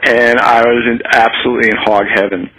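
An American man telling a frank personal story as a guest, animated and laughing often. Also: mid-range voice, fairly quick, rough recording. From United States. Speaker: guest, activist. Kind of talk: candid storytelling in conversation.

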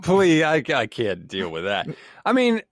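A man's voice: mid-range voice, wildly swooping pitch, unhurried, slight background noise. A man co-hosting a casual sports podcast, fired up and ranting with swearing. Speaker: podcast co-host.

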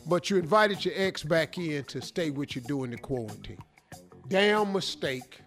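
High, lively male radio host. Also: moderate pace, music in the background. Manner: animated, joking, slangy, acts out scenes. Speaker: radio show host reading a listener letter. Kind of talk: comic advice talk.

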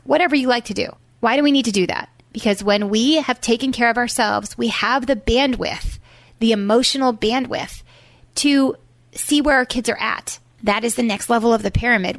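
A woman who is a parenting author and former teacher, explaining her ideas in an energetic, emphatic way on a podcast. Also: mid-range voice, no room sound. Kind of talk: podcast interview.

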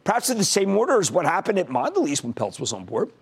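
A man's voice: high-pitched, huge pitch swings, quick pace, husky. A man hosting a stock market TV show, losing his voice, giving emphatic, punchy commentary straight to viewers. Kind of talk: energetic financial TV commentary.

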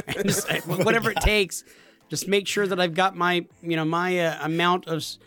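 Laughing man, high, dry sound. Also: fairly quick, no echo. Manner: joking, laughs often, animated. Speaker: podcast co-host. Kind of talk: casual chat.

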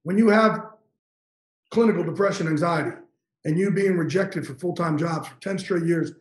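A man's voice: on the high side, normal speed, roomy sound, low-quality recording. A man in his fifties, a guest on an interview show, telling an emotional story with intense, profane energy and getting choked up. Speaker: guest, NFL insider.

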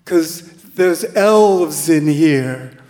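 Bored teen girl, voiced by a male storyteller, mocking and slow, stage echo. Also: on the high side, expressive, darkish tone. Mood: dazed.

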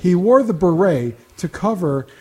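A man's voice: high voice, sing-song, normal speed, warm tone. A man telling rambling anecdotes on a casual podcast, chuckling now and then. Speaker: podcast co-host. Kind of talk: casual storytelling chat.

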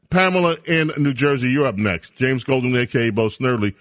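A man's voice: medium pitch, moderate pace, no room sound, studio quality. Indignant male talk radio host. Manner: indignant, emphatic. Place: radio studio.

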